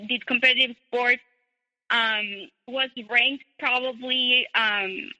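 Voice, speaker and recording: A woman guest telling her personal story in a measured way, with many pauses and restarts. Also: high voice, sharp tone, big-room sound, highs cut off. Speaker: interview guest.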